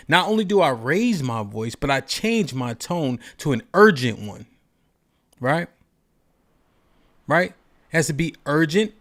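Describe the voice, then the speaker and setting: A man's voice: on the high side, a bit bright. A man hosting a call-in show, talking in an emphatic, rhetorical way and asking "right?" after nearly every point. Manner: emphatic, repeats "right?" often; rhetorical, preachy. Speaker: podcast host.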